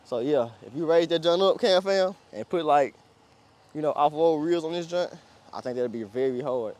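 A man's voice: on the high side, expressive, moderate pace, darkish tone. Slangy young man rambling about a truck. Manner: slangy, rambling, laughs often. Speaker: car vlogger. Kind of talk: casual vlog walkaround.

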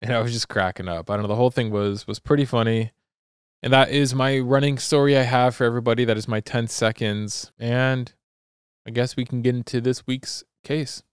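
A young man co-hosting a podcast, telling a story in a loose, rambling, animated way. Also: mid-range voice, brisk, smooth, dry recording, clean studio sound. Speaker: podcast co-host. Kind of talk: casual chat.

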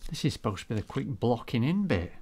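A man's voice: mid-range voice, big pitch swings, quick pace, a little mellow. A man, chatty and self-deprecating, talking viewers through a painting demonstration as he works. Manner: chatty, self-deprecating, thinks aloud while working. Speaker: art teacher.

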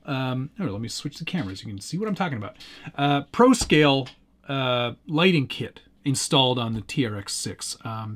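Man chatting while tinkering at his bench. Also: medium pitch. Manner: relaxed, rambling, chuckles often, answers chat. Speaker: livestream host. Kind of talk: casual live chat while tinkering.

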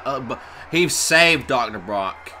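A man giving an indignant live reaction to a match, stammering through restarts and bursting into shouts. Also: medium pitch, lively intonation, slow, noisy background. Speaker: vlogger reacting to a wrestling match. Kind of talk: heated live reaction commentary.

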